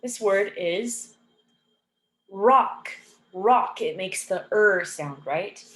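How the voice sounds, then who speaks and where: A woman teaching an English phonics lesson, saying each example word slowly and repeating it clearly and patiently. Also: mid-range voice, expressive, a bit bright. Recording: echoey room.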